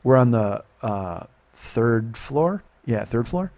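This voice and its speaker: A man's voice: mid-range voice, slow. Profane man telling a story. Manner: profane, animated retelling with quoted dialogue. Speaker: podcast host. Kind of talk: casual storytelling.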